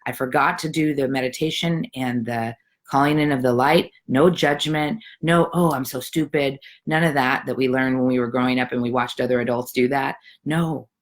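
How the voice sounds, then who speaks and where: A woman's voice: extremely low pitch, fairly even intonation, moderate pace. A middle-aged woman hosting a live decluttering challenge from home, chatting in an encouraging, rambling way full of fillers. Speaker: challenge host. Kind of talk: casual live video talk.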